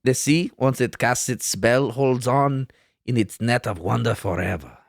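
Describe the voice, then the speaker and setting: A man voicing a grandiose older male ocean explorer, reading quotes slowly and solemnly in a deliberately poor mock French accent. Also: medium pitch, gravelly, no echo, studio quality.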